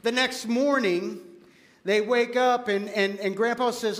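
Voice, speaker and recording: A man preaching a sermon as pastor, telling stories with animated acted-out quotes and dropping to a quiet, earnest tone when applying them. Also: extremely high pitch, moderate pace. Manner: animated storytelling, acts out quoted voices; drops to quiet, earnest tone for application.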